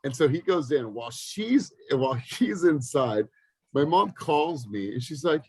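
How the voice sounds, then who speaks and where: A man's voice: fairly high pitch, measured pace, husky, no echo, rough recording. A man in his thirties, a business coach leading a group call over video, telling stories with energy and acting out the voices of people in them. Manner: energetic storytelling with lively acted-out quotes.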